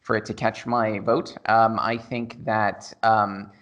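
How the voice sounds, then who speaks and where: A man's voice: on the low side, level tone, takes it slowly, fairly bright tone. A man on a film podcast panel, casually debating movies with self-deprecating jokes.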